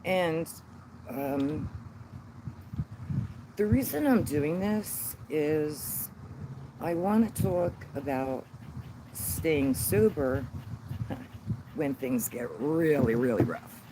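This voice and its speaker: A man hosting a casual livestream outdoors on his phone, rambling and halting as he fumbles with the settings. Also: a little high, expressive. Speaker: channel host on sobriety. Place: outdoors in a sunny yard. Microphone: phone held by the speaker. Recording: outdoor phone stream with road noise.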